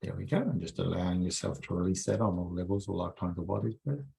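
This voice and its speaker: Energy healer guiding a group meditation; low gravelly male voice, soothing, repetitive coaxing. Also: animated, fast, warm tone. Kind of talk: guided healing meditation.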